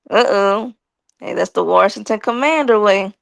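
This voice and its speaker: Woman, live-stream host, playful teasing chat, gravelly voice, dry close sound. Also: medium pitch, takes it slowly, long pauses, no room sound. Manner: playful and teasing, laughs often. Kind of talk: casual live-stream chat reading comments aloud.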